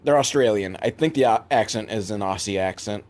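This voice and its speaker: A young man giving a comedic movie recap, rambling and sarcastic, with sudden jumps in pitch. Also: brisk, darkish tone. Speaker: movie reviewer.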